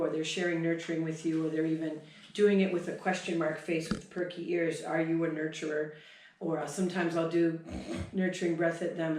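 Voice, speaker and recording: A woman horse trainer explaining breathing signals at a clinic, chatty, breaking off to sigh and huff out demonstrations. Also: fairly low pitch. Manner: demonstrates breath sounds, sighs and huffs, chatty. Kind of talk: explaining at a workshop. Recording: echoey hall, mic far off.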